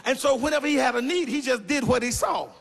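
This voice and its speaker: A man preaching a sermon, building emphatic lines into shouted sing-song cadences and calling for responses from the congregation. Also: extremely high pitch, fast, gravelly. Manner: calls for audience responses. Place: large church sanctuary. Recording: reverberant church hall.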